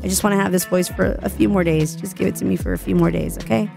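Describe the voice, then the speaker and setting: Brief: hoarse woman radio DJ, raspy from a cold, lowish pitch, light music underneath. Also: steady tone, fast. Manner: chatty and playful, jokes about herself. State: sick, hoarse. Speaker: radio DJ and podcast host. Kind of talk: casual solo podcast chat.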